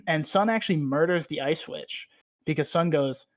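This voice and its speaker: A man with a somewhat high voice hosts a podcast and recaps a story in loose, rambling chat. He swears freely and fills his talk with "like". The sound is dry and close, with no room around it. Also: normal speed, dry recording. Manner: rambling, profane, heavy use of "like". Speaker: podcast host.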